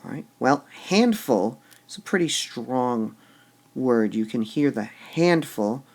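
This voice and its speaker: Male teacher, gravelly and unhurried, lively pitch, punches the stressed syllables. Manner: slow, deliberate, stressing syllables aloud. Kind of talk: classroom lecture on poetic meter.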